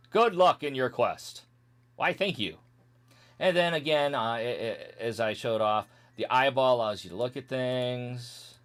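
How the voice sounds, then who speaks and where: A man's voice: medium pitch, lively intonation, unhurried, fairly bright tone. A man streaming a retro game, joking casually and skipping the game's text with strings of blah blah and meow. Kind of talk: casual let's-play commentary.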